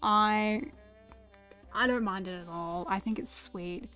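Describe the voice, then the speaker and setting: Slow, stammering young woman streamer. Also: medium pitch, expressive, a bit bright, soft background music. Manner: gushing, stammering with many repeated words. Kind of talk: casual chat about a favorite anime.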